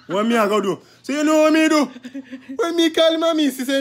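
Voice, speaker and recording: A man's voice: extremely high pitch, fairly quick, slight background noise. A man, telling a story in casual chat with lots of laughter.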